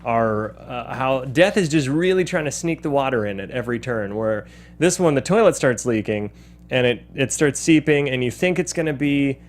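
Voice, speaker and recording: A man's voice: medium pitch, normal speed. A man hosting a movie podcast, chatting casually about a film in a rambling way and laughing often. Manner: animated, laughing, rambling with restarts. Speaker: podcast host. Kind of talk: casual film-discussion chat.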